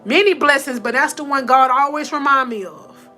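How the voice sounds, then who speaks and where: A woman's voice: sits high, normal speed, sharp tone, faint music behind. A woman hosting a faith-based motivational livestream, telling a personal testimony, calling her viewers y'all, emotional and close to tears. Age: adult with four sons.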